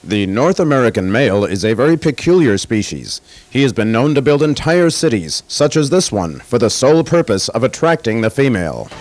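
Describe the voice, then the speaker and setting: A man narrates a parody nature documentary in a measured, dry tone, his voice in an average range. Music plays clearly behind him. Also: mid-range voice.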